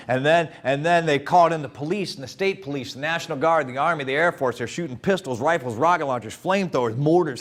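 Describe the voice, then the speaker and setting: A man telling a story live to a young audience, playful and animated, often turning to talk with the crowd. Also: fairly high pitch. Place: live event before an audience.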